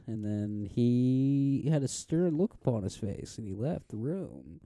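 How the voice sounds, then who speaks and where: A man hosting a comedy podcast in a mock-formal, deadpan way, playing the moderator. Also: medium pitch, a little slow, dry recording, clean studio sound. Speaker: podcast host. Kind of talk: mock talk-show hosting.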